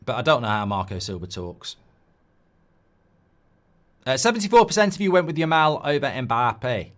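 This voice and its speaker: A man's voice: medium pitch, very animated, moderate pace, a bit bright. A man hosting a live football watchalong, chatting in a rambling way and reading out viewer comments. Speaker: host.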